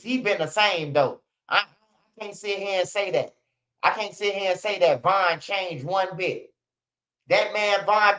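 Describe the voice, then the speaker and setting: A man with a Chicago accent giving casual, slang-heavy commentary as a channel host, often ending lines with a low "bro" or "man". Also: fairly bright tone, highs cut off. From Chicago area. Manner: slangy, repetitive, drawls "bro" and "man" low at line ends.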